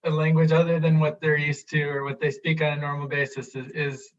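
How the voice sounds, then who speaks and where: A man's voice: on the high side, completely flat delivery, fairly quick. A man hosting a live stream interview over a video call, friendly and encouraging with frequent backchannels. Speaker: host. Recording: dull lo-fi sound.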